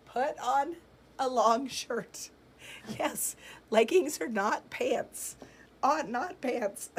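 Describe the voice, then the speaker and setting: A woman hosting a live jewelry sale from her shop, chatting in an upbeat way and answering viewer comments. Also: a little high. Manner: chatty and upbeat, with frequent fillers and laughs. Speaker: host of a live jewelry shopping stream.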